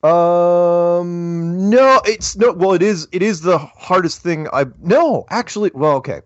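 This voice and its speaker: A man hosting a casual call-in podcast, talking in an animated way with frequent chuckles and restarts. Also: high-pitched, slow, dry recording, muffled recording. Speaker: podcast host.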